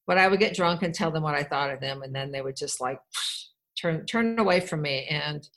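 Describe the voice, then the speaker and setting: Low-voiced woman telling her story frankly. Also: a little fast, a bit bright, rough recording. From Wisconsin. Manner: candid, rambling, wry, with restarts. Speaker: speaker sharing her life story. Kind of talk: personal storytelling talk.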